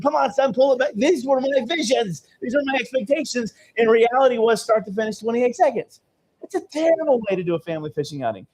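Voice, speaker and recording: Man, seminar host, live audience room, energetic, high husky voice. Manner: energetic storytelling, constant "okay?" check-ins. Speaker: seminar speaker and event host.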